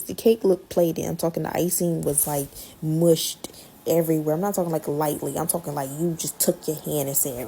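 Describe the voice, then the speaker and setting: A woman hosting a podcast, telling a story in casual, slangy chat that swings between loud and hushed. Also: sits low, fairly even intonation, normal speed, gravelly, a little hiss or hum.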